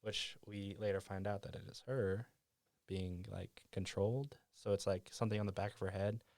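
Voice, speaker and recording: A man's voice: on the low side, fairly even intonation, moderate pace, a little mellow, no room sound, studio quality. A man hosting a podcast, casually retelling a movie scene by scene in a rambling way. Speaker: podcast host.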